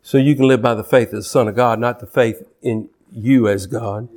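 A man's voice: mid-range voice, fairly even intonation, moderate pace, a little mellow. A man preaching a sermon with passion, repeating and restarting his phrases and acting out the speech he quotes.

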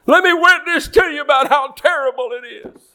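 A man preaching a fiery sermon, his voice pitched high for a man. He swings between scripture reading and mocking impressions of anxious, complaining people. His delivery is animated and punchy. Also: normal speed. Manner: animated, mocks worriers in whiny put-on voices.

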